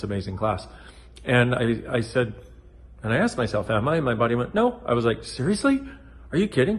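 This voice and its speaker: A middle-aged man giving a casual motivational talk to camera, playful and animated, wandering off track and swearing now and then. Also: on the low side, a little hiss or hum. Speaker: self-help video host.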